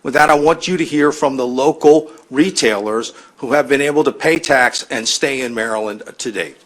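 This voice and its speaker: Man, mid pitch, formal hearing testimony, appealing tone. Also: moderate pace, a bit bright. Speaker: advocate introducing witnesses. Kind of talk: public testimony.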